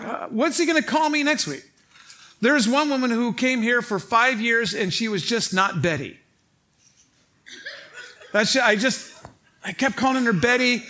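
Animated high-voiced male pastor telling stories. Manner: animated storytelling, acting out others' lines; laughs at his own stories. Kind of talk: sermon.

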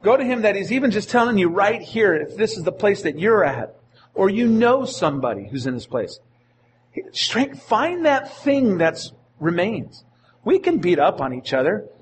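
A man's voice: sits high, very animated, moderate pace, slight background noise. A male pastor preaching a sermon in an earnest manner, often repeating his phrases.

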